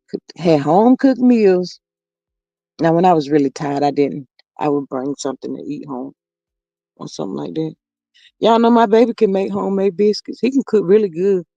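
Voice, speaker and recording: Gravelly-voiced grandmother chatting to viewers. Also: mid-range voice, dark tone, no echo, highs cut off. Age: middle-aged. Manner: chatty and homespun, reads comments aloud, says "Lord have mercy" often. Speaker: livestream host reading viewer comments. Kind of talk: casual livestream chat.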